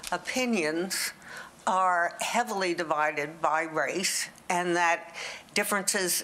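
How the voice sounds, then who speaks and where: Woman questioner, lower pitch, slow and deliberate phrasing. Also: fairly bright tone, rough recording. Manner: thoughtful, deliberate, searching for words. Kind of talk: asking a question at a conference.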